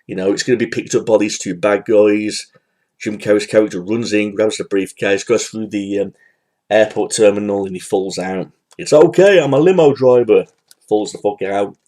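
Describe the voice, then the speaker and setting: A man's voice: lowish voice, little pitch movement, moderate pace, darkish tone. A man giving a casual, rambling spoken film review, full of fillers and restarts. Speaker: movie reviewer.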